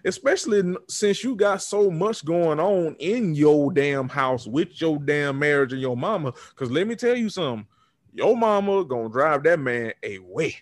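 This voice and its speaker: A man's voice: fairly high pitch, lively intonation, normal speed, no echo, clean studio sound. A man co-hosting a casual recap podcast, talking bluntly with plenty of cursing. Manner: blunt, profane, preachy. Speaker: podcast co-host.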